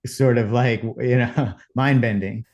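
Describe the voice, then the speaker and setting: A man's voice: medium pitch, fairly even intonation, slow pace, a little mellow, lo-fi sound. Enthusiastic male podcast host. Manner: enthusiastic, complimentary. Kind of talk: casual interview chat.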